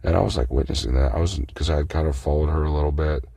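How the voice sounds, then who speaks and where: A man's voice: rumbling low, racing, creaky, warm tone, slightly rough, no room sound. A man in a casual monologue, telling about a meeting in a profane, agitated rant.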